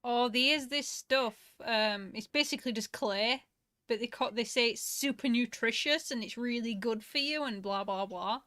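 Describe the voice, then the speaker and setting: A woman with a fairly high voice chats casually as co-host, teasing her partner and laughing easily. She tells offbeat stories in a relaxed, joking way. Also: moderate pace. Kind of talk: casual comedic chat.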